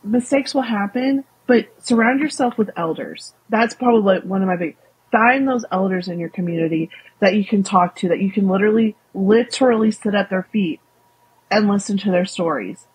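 A woman's voice: mid-range voice, moderate pace, slightly rough, poor audio. A young woman with a Southern US accent, a guest speaking candidly and animatedly in a casual interview. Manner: candid, animated, many fillers.

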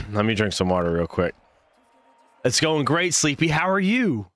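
A man's voice: medium pitch, big pitch swings, a little slow, fairly bright tone, no room sound. A man casting a live esports match, hyped and chatty, greeting viewers while calling the play. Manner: hype, chatty, greets viewers mid-call. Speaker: stream host and caster.

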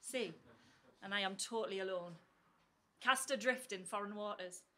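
A woman's voice: medium pitch, pushed and bright. Woman performing spoken word poetry. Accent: soft southern English. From northeast England. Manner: rhythmic, rhyming delivery with dramatic pauses. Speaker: poet and teacher.

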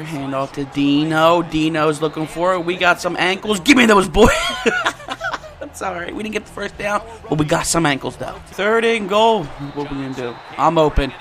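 A young man commentating his own football video game play, getting hyped and shouting at big plays. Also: on the high side, slight background noise. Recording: music playing behind the voice.

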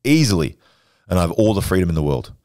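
Brash guy in his 20s, deep and quick, smooth clear voice, dry close sound, swears freely. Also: very animated, a little mellow, no echo. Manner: brash, profane, boastful storytelling. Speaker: podcast guest. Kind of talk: casual podcast chat.

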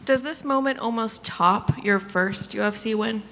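Gravelly-voiced woman interviewer. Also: on the high side, unhurried, a bit bright. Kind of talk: interview questions. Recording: long hall reverb.

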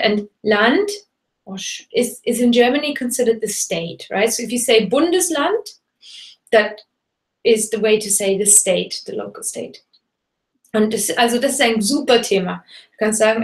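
A woman's voice: a little high, expressive, moderate pace. Chatty woman teaching German, roomy sound. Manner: switches between German and English, chatty with fillers. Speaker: German teacher hosting a webinar. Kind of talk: live bilingual webinar teaching. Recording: roomy echo.

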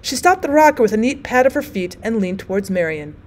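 A woman teacher reading a short story aloud in an expressive audiobook narration. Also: a little high, brisk.

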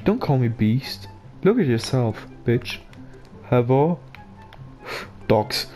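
Casting: German-accented man, slow monotone gaming commentary, dry self-talk, mellow tone. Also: medium pitch, soft background music. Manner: flat monotone, joking to himself. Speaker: gameplay commentator. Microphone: basic microphone.

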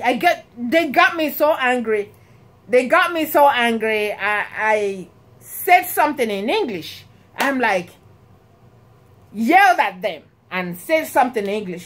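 A woman with a Nigerian accent chats straight to her viewers, her voice sitting high and bright. She tells her stories with lots of exclamations and bursts of laughter. The delivery is loose and conversational. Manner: animated, laughing, exclamatory storytelling. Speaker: vlogger. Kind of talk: casual talk to camera.

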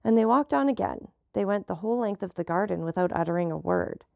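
A woman reads a classic novel aloud at a steady storytelling pace. Her voice has a gravelly texture. The recording is dry, with no room sound. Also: medium pitch, quick pace, no room sound. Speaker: audiobook narrator.

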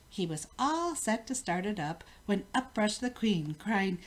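An older woman, a grandmother, reading a rhyming picture book aloud in a rhythmic, expressive way. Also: medium pitch, measured pace, hardly any pauses. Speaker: storybook reader.

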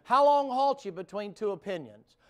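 A man's voice: sits high, expressive, moderate pace, smooth. A man preaching at a revival in a church. He talks in a homespun, joking way, then builds to fervent preaching in front of the congregation. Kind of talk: folksy revival sermon. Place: church sanctuary before a congregation.

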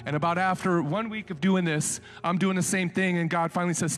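A male pastor preaching a sermon in a colloquial, conversational way, swinging between hushed storytelling and loud, impassioned exhortation. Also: high voice, steady tone, brisk, hardly any pauses, soft background music.

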